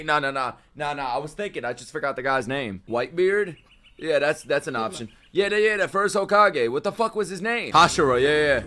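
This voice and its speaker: A man streaming excited reactions to an anime, loud and exclamatory, swearing and breaking into laughter. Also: on the high side, fairly quick. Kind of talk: excited live reaction commentary.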